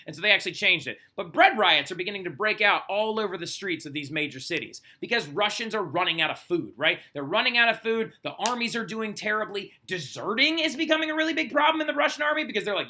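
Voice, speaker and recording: Chatty, bright-voiced male history teacher. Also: sits high, fast, few pauses. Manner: chatty, animated, lots of "like" and "right?", acts out quotes. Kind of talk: casual recorded history lesson.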